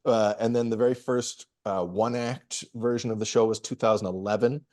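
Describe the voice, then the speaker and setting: Man, middle-aged, lowish voice, relaxed storyteller, interview guest. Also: normal speed, few pauses. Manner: relaxed storytelling with frequent restarts and laughs. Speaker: guest comedian and performer. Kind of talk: casual interview answers.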